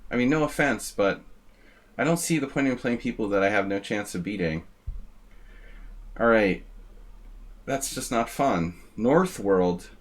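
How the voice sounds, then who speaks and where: A man's voice: fairly low pitch, expressive, measured pace, pauses often. Chatty male chess streamer, rambling. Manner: chatty, rambling, thanks viewers by name. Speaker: chess streamer hosting a simul. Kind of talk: casual live-stream chat.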